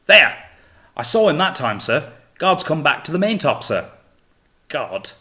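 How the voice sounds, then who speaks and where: A man's voice: fairly low pitch, fairly quick, a bit bright, lightly acted. A man voicing a frail, simple-minded male sailor who speaks in an apologetic, rustic way. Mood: excited.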